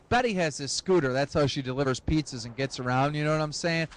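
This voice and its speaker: Young guy telling a wild story, swears a lot, high voice. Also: fast, few pauses, slight background noise. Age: young adult. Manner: profane, rambling and excitable. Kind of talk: comic storytelling.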